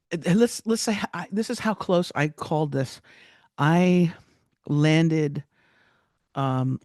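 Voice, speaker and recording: Woman, podcast guest, animated storytelling, acts out dialogue, dry close sound. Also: low-pitched, dry recording. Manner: animated, many restarts, acts out quoted dialogue. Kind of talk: casual personal storytelling.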